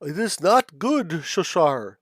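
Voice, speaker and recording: A man voicing a friendly fish-man elder with a blubbly, slow and drawn-out voice. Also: high voice, big pitch swings, dry recording, pitched above the performer's own voice, heavily acted. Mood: pleading.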